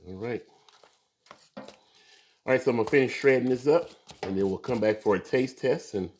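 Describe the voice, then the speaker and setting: A man with a low, mellow voice hosts a laid-back barbecue video outdoors at his grill. He chats to viewers in a relaxed way, dropping plenty of "uh"s as he works. His tone stays dark and unhurried. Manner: relaxed, talks to viewers with many fillers. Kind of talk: casual cooking demonstration.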